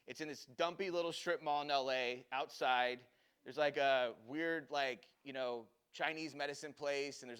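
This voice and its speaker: A man's voice: a little high, clear, resonant tone. A man telling a story to an audience, acting out the voices of the people in it. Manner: animated storyteller acting out dialogue. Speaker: speaker telling a customer service story.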